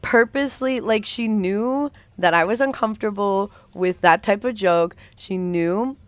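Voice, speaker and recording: A woman's voice: medium pitch, unhurried, clear, resonant tone, dry recording. A young woman livestreaming a game, rambling through a storytime with lots of fillers and casual swearing. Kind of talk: rambling storytime while gaming.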